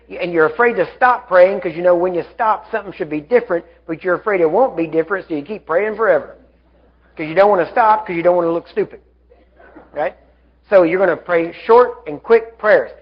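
Male preacher, high voice, fervent commanding delivery, muffled lo-fi live recording. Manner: fervent, commanding, rising to shouts. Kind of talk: sermon.

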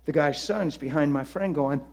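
A man preaching in an animated storytelling style, laughing and swinging between loud bursts and hushed asides. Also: a little high, moderate pace, creaky. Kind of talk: storytelling sermon.

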